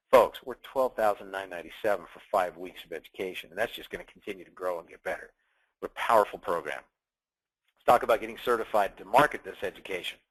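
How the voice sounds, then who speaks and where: A man's voice: lowish voice, fairly bright tone, low-quality recording. A man presenting a sales training, upbeat and emphatic like a salesman.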